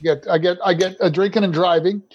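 High-voiced man telling his recovery story. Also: steady tone, a little fast, highs cut off. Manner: rambling, restarts often. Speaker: podcast guest.

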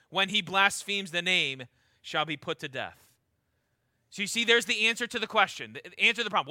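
Bright, high-voiced male preacher. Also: dry recording. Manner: emphatic, slows down to stress key words; reads scripture aloud and then comments on it. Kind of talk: sermon.

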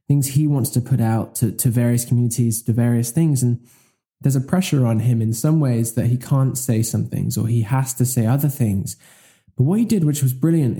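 In casual podcast chat, a man co-hosts with a warm, medium-pitched voice. His talk is eager and meandering, full of mid-sentence self-corrections.

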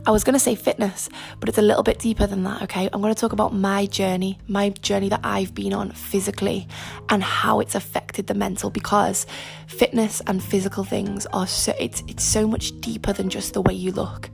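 A young woman hosting her own podcast in casual, chatty, self-mocking talk, a little husky today from lying on her front while recording. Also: mid-range voice, level tone, a little fast, faint music behind. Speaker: podcast host. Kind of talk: casual solo podcast chat.

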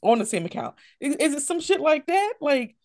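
A woman co-hosting a podcast in casual, joking chat, with loud laughs and speech. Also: sits high, very animated, moderate pace, dry recording, clean studio sound. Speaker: podcast co-host.

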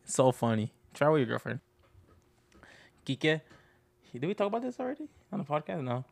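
Teen dude podcast cohost, rambly, keeps saying like, dry close sound. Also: male voice, on the high side, very animated, a little fast, creaky, dry recording. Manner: rambling storyteller, filler-heavy and giggly. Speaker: podcast co-host. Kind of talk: casual chat.

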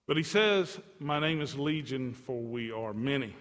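A man preaching a sermon as a pastor, animated, swinging his pitch and loudness up and down, with asides to the congregation. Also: unhurried. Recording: long hall reverb.

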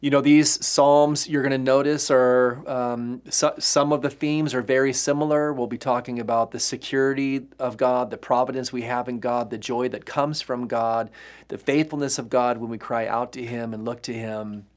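A man's voice: mid-range voice, steady tone, normal speed. A male pastor giving an earnest, emphatic sermon teaching, with frequent fillers and restarts.

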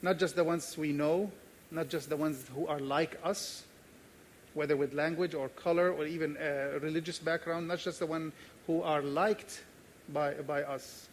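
A man from Jordan preaches to his congregation, his voice pitched a little high for a man. He tells a personal story with animation and acts out the voices in it. Faint background noise is heard under him. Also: steady tone, unhurried. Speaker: pastor.

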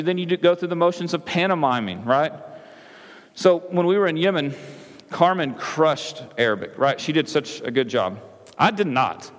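A male pastor preaching a sermon in a conversational way, with frequent "right?" asides and restarts, in a large church hall. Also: a little high. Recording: echoey hall with long reverb.

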